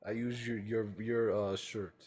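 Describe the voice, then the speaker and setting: A man calling into an online debate, asking questions in halting, broken phrasing. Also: lowish voice, flat delivery, a little mellow, husky. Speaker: caller.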